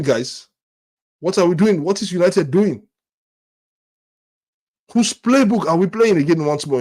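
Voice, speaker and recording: A man with a somewhat high voice pours out his frustration as a fan-channel host. He stammers, restarts phrases and piles up rhetorical questions, sounding angry and let down throughout. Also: a little mellow. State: angry and disappointed. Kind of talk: frustrated fan rant to camera.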